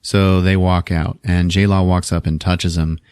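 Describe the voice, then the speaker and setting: A man's voice: sits low, a little slow, smooth, no room sound, studio quality. A man co-hosting a podcast, retelling a film plot in casual chat, swearing freely and acting out the characters' lines. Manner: profane, animated retelling with acted-out quotes. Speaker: podcast co-host. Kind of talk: casual movie recap chat.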